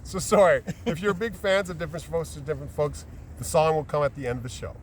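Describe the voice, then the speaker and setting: A man's voice: fairly high pitch, fast. A man being interviewed as a council candidate in casual outdoor chat, talking in a jokey, rambling way. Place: outdoors on a bluff by the lake. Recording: distant mic outdoors with ambient noise.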